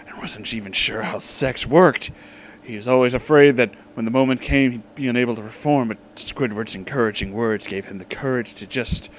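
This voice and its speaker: A man's voice: mid-range voice, a little hiss or hum, rough recording. A man reading a fanfic aloud for comedy, reacting with disbelief. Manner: incredulous, breaking into laughter between lines. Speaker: reader.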